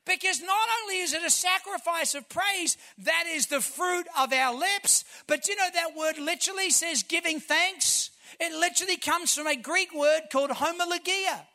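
A man, a pastor preaching a sermon, telling stories and building to shouted emphasis. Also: very high voice, normal speed, hardly any pauses.

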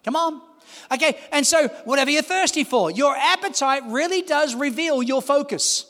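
A man in his fifties preaches to his congregation, his voice pitched unusually high. He builds into shouts and keeps calling out to the room for responses. The sound rings with the long reverb of a large church hall. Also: normal speed. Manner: impassioned, rising to shouts, calls to the congregation. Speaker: pastor. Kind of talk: sermon.

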